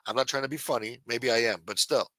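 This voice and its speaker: A man's voice: mid-range voice, steady tone, quick pace, fairly bright tone, dry recording. A man hosting a late-night livestream, chatting loosely and profanely while answering viewers in the chat. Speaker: livestream host.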